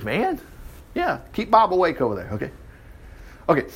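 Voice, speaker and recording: A man's voice: a little high, sing-song, fairly quick, pauses often, fairly bright tone, breathy edge. A man preaching in a folksy, storytelling way, full of wry asides. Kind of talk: sermon, conversational storytelling.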